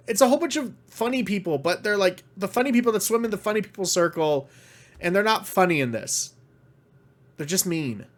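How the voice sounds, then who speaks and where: A man giving a casual spoken review, ranting in exasperation, swearing often and stumbling over restarts when worked up. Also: medium pitch. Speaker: vlogger reviewing media.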